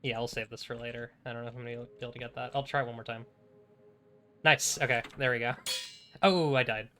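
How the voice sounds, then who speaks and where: A man streams a video game and narrates his moves in loose, chatty bursts. He mutters, swears freely and thinks aloud. His voice is bright and tense, at a middle pitch for a man. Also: level tone, fast, slight background noise. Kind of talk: casual live gameplay commentary.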